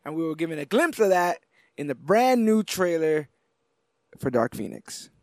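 A man co-hosting a casual comic-book podcast, chatting in an animated way and acting out the lines he retells. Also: fairly high pitch, moderate pace, no echo, studio quality. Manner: animated, acts out quoted characters. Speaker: podcast co-host. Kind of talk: casual chat.

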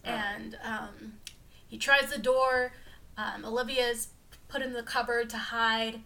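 A woman's voice: fairly high pitch, steady tone, slow, pushed and bright, distant mic. A woman co-hosting a podcast, steadily recapping a film in casual chat, with frequent murmured agreement. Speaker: podcast co-host.

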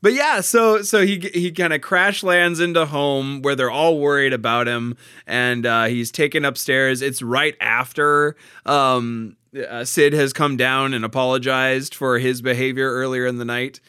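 A man's voice: mid-range voice, fairly even intonation, measured pace, hardly any pauses, sharp tone, clear, resonant tone, no room sound, studio quality. A man in casual conversation about a play, laughing often and restarting his sentences. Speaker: podcast co-host discussing a play. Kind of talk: casual chat.

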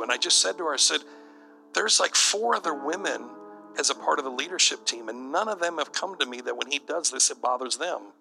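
A man's voice: on the high side, creaky, pushed and bright, low-quality recording. A middle-aged man, a bishop, preaching to church leaders in a conversational, storytelling way.

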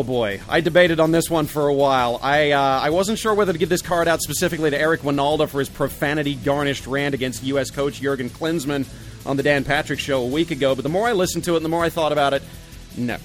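Sarcastic ranting man, slightly high voice. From Ohio, US. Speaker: host. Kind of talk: opinionated sports commentary. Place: pub.

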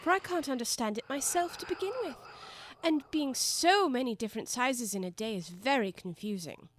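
A shy, well-mannered young girl explains herself earnestly in a raised, lighter voice, put on by a woman reading the story. She sounds polite and a bit unsure. The tone stays storybook-gentle. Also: high voice, sing-song, moderate pace, husky, no echo, voice pushed up, full character voice. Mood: polite, puzzled. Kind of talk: storybook character voice.

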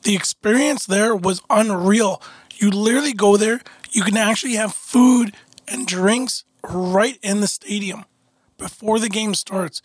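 A man in a casual debate, telling a story in an animated way and restarting his sentences often. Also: high-pitched, measured pace, no room sound.

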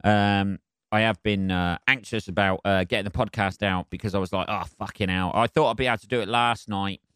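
A man talks alone into the mic in a low, smooth, resonant voice, dry and close with no room around it. He rambles through his week with plenty of ums, swears freely and keeps apologising with cheeky self-mockery. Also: fairly even intonation, fairly quick, fairly bright tone, dry recording. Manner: rambling with many fillers and jumpy emphasis. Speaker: stand-up comedian and podcast host. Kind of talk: casual solo podcast chat.

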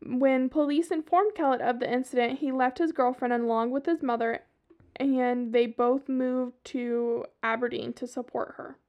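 High-voiced Southern woman telling crime stories. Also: steady tone, moderate pace, dull audio. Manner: profane, chatty asides. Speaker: podcast host. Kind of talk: casual true-crime storytelling.

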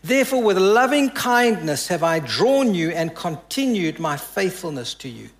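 A man with a fairly high voice delivers a sermon as pastor. He tells the story with rising emphasis, then drops soft and hushed to give the quoted words weight. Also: big pitch swings, moderate pace. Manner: preaching with dramatic drops to soft quoted lines.

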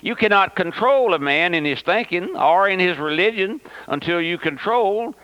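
Man, preacher, folksy and emphatic radio sermon, lively rising and falling voice, dull lo-fi broadcast sound. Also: sits high, normal speed, dry recording. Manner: folksy, emphatic, repeats words and calls listeners "my friend".

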